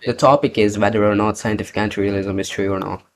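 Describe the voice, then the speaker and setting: Man debating over a call, quick and taunting, keeps cutting in. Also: lowish voice, steady tone, crowd noise. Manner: mocking, interrupting, laughs at opponent. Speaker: online debater. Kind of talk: heated online debate.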